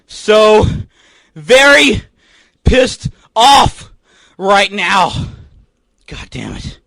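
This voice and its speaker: A man hosting a comedic radio show, ranting in a panicky, swearing, shouting way. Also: high-pitched, very animated, drawn-out words, gravelly, long pauses, no room sound.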